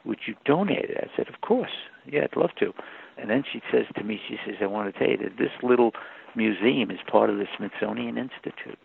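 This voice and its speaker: An older man, telling animated anecdotes as a guest in an interview over a phone line. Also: lowish voice, quick pace, vocal fry, a little hiss or hum. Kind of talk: storytelling interview.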